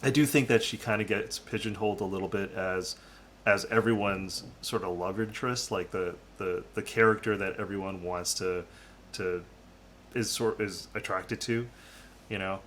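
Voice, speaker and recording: Bright-voiced man in casual review chat. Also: low-pitched, fairly even intonation, normal speed, slight background noise. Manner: hedging, tags statements with "right?". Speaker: podcast co-host.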